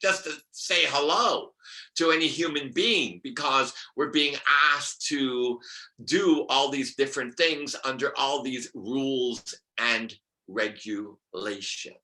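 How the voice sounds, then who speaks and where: Middle-aged guy on a video call, bright tone, talks slow, whispers bits, keeps asking the audience stuff. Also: medium pitch. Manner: expressive, drops to whispers, asks the audience questions. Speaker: numerologist guest. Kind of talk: animated teaching talk. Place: room with brick wall.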